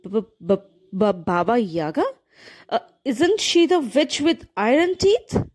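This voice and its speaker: A timid little girl from a storybook, kind but scared, her words tumbling out in stammers and tearful breaths, as a woman puts her on. Her voice sits high and light above the narration. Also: big pitch swings, slow pace, darkish tone, heavily acted.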